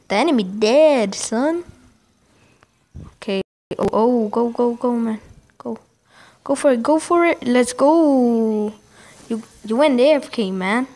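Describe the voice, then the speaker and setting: A woman giving casual gameplay commentary, reacting excitably with quick exclamations. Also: on the high side.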